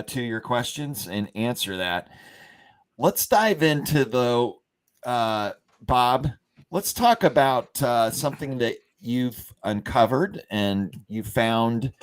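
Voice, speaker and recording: A man's voice: expressive, slow pace, clear, resonant tone. A man hosting a company livestream, telling a rambling story full of fillers and restarts and acting out the quotes. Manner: acts out quoted lines with big pitch jumps. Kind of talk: casual storytelling chat.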